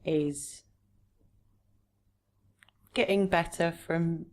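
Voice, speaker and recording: A woman's voice: lowish voice, steady tone, drawn-out words, a little mellow. A woman talking openly and earnestly as a guest in a casual podcast chat. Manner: earnest, open, personal.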